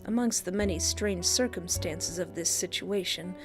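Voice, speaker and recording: A woman streamer reading a visual novel aloud, breaking in with excitable, gushing asides. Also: on the low side, moderate pace. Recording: background game music.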